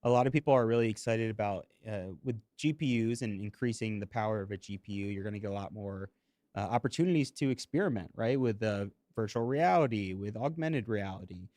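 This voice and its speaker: A man's voice: lowish voice, fairly quick, darkish tone, no echo. A man hosting a live streaming tech podcast, chatting casually and drawing in the audience. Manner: upbeat, engaging the audience. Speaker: podcast host.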